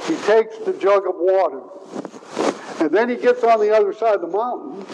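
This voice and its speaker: A man's voice: sits high, moderate pace. A man preaching a sermon in an earnest way, stressing and repeating key words, with faint hiss behind.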